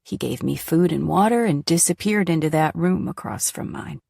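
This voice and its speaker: A woman reading the part of a frail, sick middle-aged woman who tells her story in a weak, halting, tearful way. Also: deep voice, gravelly, darkish tone, husky, no room sound, clean studio sound, full character voice. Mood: confessing. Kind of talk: audiobook character voice.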